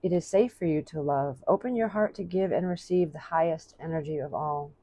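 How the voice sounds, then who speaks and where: A woman giving a casual tarot reading, chatty and thinking aloud as she reads out card messages slowly. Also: sits low, mellow, dry recording. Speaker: tarot reader.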